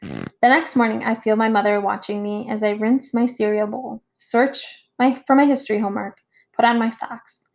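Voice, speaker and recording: Woman audiobook narrator, first-person story, gravelly, slightly high voice, dull lo-fi sound. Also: fairly even intonation, normal speed, a little mellow.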